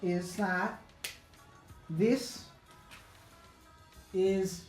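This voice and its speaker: A woman teaching an unscripted grammar lesson, halting and correcting herself, with many fillers. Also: medium pitch, steady tone, a little mellow. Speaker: English teacher. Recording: echoey room with faint music.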